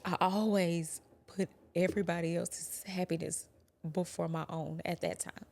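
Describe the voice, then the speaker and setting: A young adult woman quietly recounting a painful personal experience, halting and sometimes dropping to a whisper. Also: fairly low pitch, fairly even intonation, vocal fry. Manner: quiet, halting, drops to a whisper at hard moments. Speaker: guest telling her story. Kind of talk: personal testimony.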